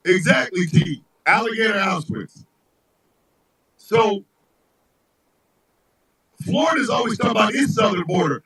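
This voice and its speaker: A man hosting a live talk show, ranting comedically in a profane, animated way, often shouting. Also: high voice, a little slow, gravelly, pauses often, rough recording. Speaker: host.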